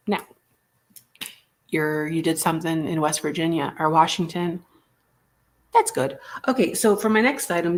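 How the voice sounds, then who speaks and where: A woman hosting a live online vintage auction in a playful, joking, chatty manner. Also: lowish voice. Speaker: live sale host.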